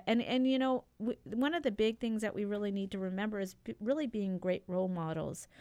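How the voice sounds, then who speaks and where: A woman's voice: medium pitch, clear, resonant tone. A middle-aged woman hosting a radio talk show, chatting casually with many fillers and restarts. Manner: chatty, warm-hearted with frequent fillers and restarts.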